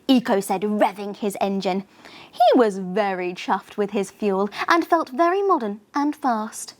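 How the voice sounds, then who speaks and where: A woman narrating a children's bedtime story in a gentle, animated way. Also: medium pitch, a little slow.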